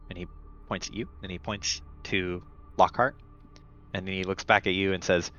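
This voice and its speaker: A man's voice: deep voice, fairly even intonation, normal speed, fairly bright tone, muffled recording, soft background music. A man narrating a tabletop game as game master, casually and with many fillers.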